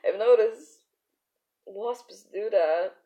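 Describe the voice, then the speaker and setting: A woman's voice: mid-range voice, drawn-out words, phone-quality sound. A young woman chatting casually and giggling often while streaming her art. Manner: giggly, chatty, many fillers. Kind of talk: casual live-stream chat.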